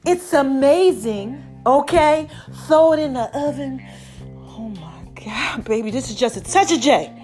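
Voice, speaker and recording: A woman hosting her podcast in a casual, animated monologue, a little short of breath and calling her listeners baby. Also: high-pitched, measured pace, faint music behind. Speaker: podcast host.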